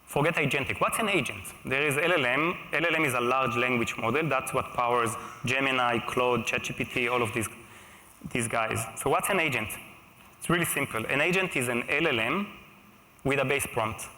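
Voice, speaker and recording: A man's voice: mid-range voice, moderate pace, sharp tone. A man giving a conversational keynote at a large live conference, checking in with the audience, recorded in an echoey hall. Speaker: keynote speaker.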